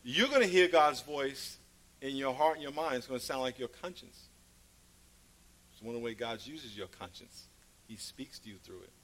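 A man preaching a sermon, telling playful stories, laughing at his own jokes and swinging from loud calls to a hush. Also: medium pitch, animated, moderate pace.

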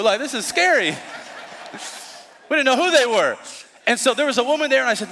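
A male pastor preaching a sermon, telling stories in an animated way and acting out the voices of the people in them. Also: extremely high pitch, a little fast, long pauses, long reverb tail, slight background noise. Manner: storytelling, animated, acts out voices. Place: church.

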